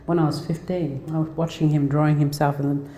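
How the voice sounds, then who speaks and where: An Australian woman in her 40s speaks as a guest in a lecture hall, sharing personal stories in a heartfelt, conversational way with many restarts. Her voice is low and dark, with little pitch movement and a brisk pace. The recording carries the echoey reverb of the hall.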